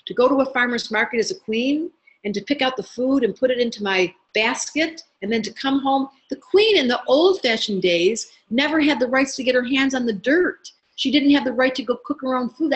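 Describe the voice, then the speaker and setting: A middle-aged woman teaching an astrology class in an online workshop, animated and talking straight to her students by name. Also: on the high side, rough recording. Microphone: webinar computer mic.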